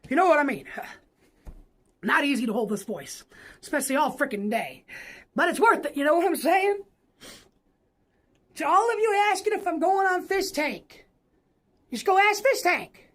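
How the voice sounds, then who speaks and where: A man speaking in a high, squeaky put-on voice as a streamer, brash and swearing while he chats during a workout. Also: animated, moderate pace, long pauses, fairly bright tone. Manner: brash, swearing, teasing the chat. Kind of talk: live workout stream chat.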